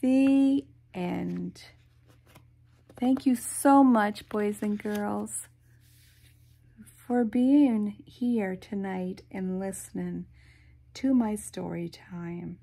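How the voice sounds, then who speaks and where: A woman reading a picture book aloud to children, animated, with sound effects and soft whispered asides. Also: mid-range voice, very slow, gravelly, long pauses. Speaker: storyteller.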